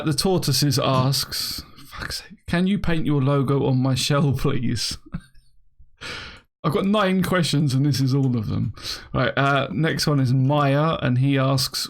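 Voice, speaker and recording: A man's voice: mid-range voice, a little slow, gravelly. A man from Britain hosting a casual podcast chat, laughing often and reading listener questions aloud. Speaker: podcast host.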